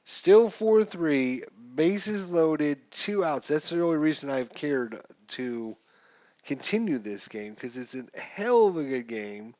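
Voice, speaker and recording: A man's voice: on the high side, expressive, takes it slowly, a little mellow, dry recording, dull audio. A man giving casual gameplay commentary while playing a baseball simulation, chatty and thinking aloud as he checks the rules. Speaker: gamer playing a baseball sim.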